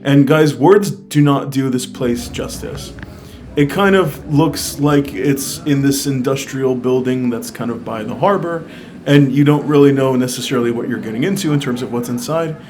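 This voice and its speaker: His voice is medium in pitch, moderately paced, and a little mellow. This American travel vlogger gives viewers an enthusiastic, casual review, repeatedly saying "like" and "I mean" and recommending things directly, with faint guitar music underneath.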